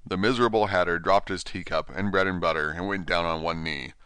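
Guy reading a kids story, smooth crisp voice, dry close mic. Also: sits low, brisk, no echo. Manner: animated, expressive. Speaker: narrator.

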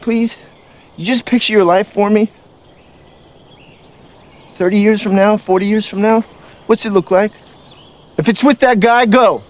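A man's voice: sits high, fairly even intonation, a little slow, pauses often. An actor playing an earnest young man pleading with the woman he loves in a film scene. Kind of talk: romantic film dialogue.

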